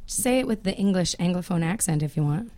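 A woman's voice: on the low side, animated, brisk, a little mellow, slight background noise. A woman from Canada, a guest musician chatting on a radio show in a friendly, playful way. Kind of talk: casual radio interview. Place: radio studio.

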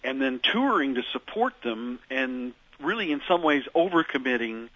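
A man's voice: medium pitch, very animated, moderate pace, a bit bright, lo-fi sound. A man being interviewed as a musician guest, telling stories in a meandering way with many fillers and restarts. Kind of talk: reflective radio interview storytelling.

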